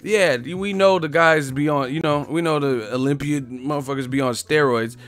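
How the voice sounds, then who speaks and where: A man's voice: on the high side, moderate pace. Dude ranting on his boxing stream, cussing, laughing at his own jokes, bit of music in the back. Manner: loud, profane, mocking, laughs often. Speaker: boxing live-stream host. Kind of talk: casual live-stream rant reading chat.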